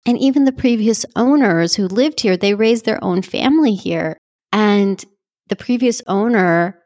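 A woman speaking in a personal vlog, gushing and heartfelt, emotional and close to tears. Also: on the high side. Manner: gushing, heartfelt, tearful at times. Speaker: vlogger speaking to her community.

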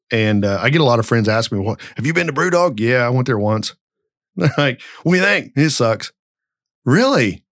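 A man's voice: on the low side, no room sound, studio quality. A middle-aged man hosting a podcast, telling a long story in a rambling, blunt and profane way. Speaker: podcast host. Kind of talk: casual podcast chat.

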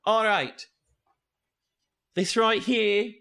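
A man voicing a brisk male school guide who gives rambling, bossy speeches in a tabletop game. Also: sits high, steady tone, gravelly, bright, forceful tone, clean tone, voice pushed up, exaggerated voice.

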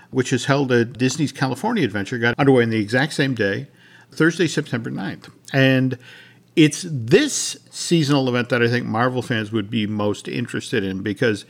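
A man co-hosting a podcast, his voice sitting at a middle pitch. He chats loosely and often restarts his sentences. He shifts into a steadier, read-out manner for news items and sponsor lines. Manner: conversational, many restarts, reads sponsor copy. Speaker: podcast co-host. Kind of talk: casual chat and news reading.

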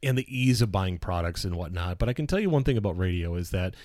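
A man who works as a radio personality, telling stories in casual conversation in an animated way, swearing now and then and acting out the people he quotes. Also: deep voice, quick pace, no room sound, studio quality.

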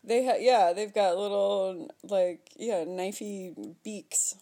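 Playful woman with a mellow voice. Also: medium pitch, steady tone, takes it slowly. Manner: laughs often, playful and teasing. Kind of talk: casual chat.

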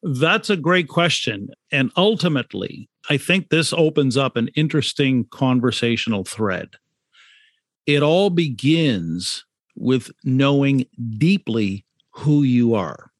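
A man's voice: medium pitch, dry recording, studio quality. Emphatic man explaining brand ideas. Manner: emphatic, repeats key points, rhetorical questions. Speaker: author and brand consultant, guest. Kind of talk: conversational podcast interview.

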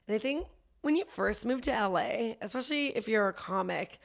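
A woman comedian chatting as a podcast guest, self-deprecating and quick to laugh, with a dry, coughing throat. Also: fairly high pitch, lively intonation, creaky. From Canada. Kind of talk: casual podcast chat.

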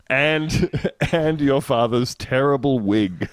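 Podcast co-host, male, animated delivery, laughs a lot, dry close sound. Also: no echo. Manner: laughs often, drops low and dry for asides. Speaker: podcast co-host reading out a news story. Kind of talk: casual comedic chat.

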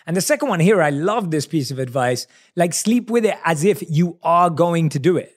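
A man's voice: a little high, expressive, normal speed. A male podcast host who speaks with enthusiasm and addresses his listeners directly. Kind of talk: interview podcast.

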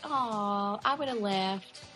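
A woman in her twenties co-hosting a casual podcast, telling animated stories full of "like". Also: medium pitch, very slow, faint music behind, low-quality recording. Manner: animated storyteller, heavy use of "like". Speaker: podcast co-host.

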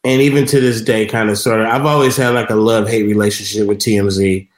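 A man's voice: on the low side, steady tone, quick pace, roomy sound. A man talking as a guest in a casual chat, laid-back and chuckling. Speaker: guest rapper.

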